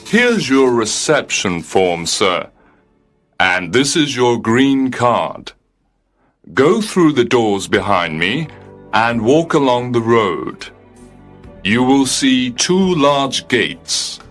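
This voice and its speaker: A man voicing a calm, polite heavenly receptionist who speaks in a formal, coolly matter-of-fact way, in an audiobook reading. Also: mid-range voice, takes it slowly, faint music behind.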